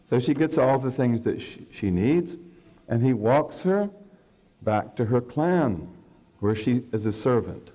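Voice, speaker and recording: Man, scholarly lecture, storytelling, mid pitch, mellow. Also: lively intonation, measured pace, rough recording. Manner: storyteller who acts out quotes and asks the audience questions.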